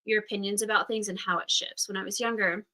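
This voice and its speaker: A woman's voice: mid-range voice, fairly even intonation, fast talker, pushed and bright, low-quality recording. A woman in her thirties hosting a casual astrology class, talking candidly and chattily with frank swearing. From Utah, United States. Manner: candid, chatty, swears, acts out quoted voices. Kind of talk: casual livestream astrology talk.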